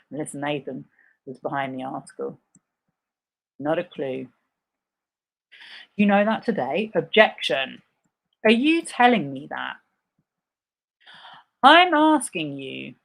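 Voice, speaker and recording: A woman's voice: sits low, gravelly. A woman live-streaming a reading of a legal deposition, voicing the questions and answers herself and breaking in with sarcastic asides. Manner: reads several parts in turn, interjects sarcastic asides. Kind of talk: live dramatic reading with commentary.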